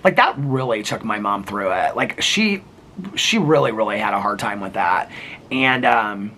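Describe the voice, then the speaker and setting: A man's voice: fairly low pitch, animated, moderate pace, bright, forceful tone, slight background noise. A man telling a personal story in a casual home vlog, seated in a chair with the camera on a table and rambling with many filler words. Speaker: vlogger.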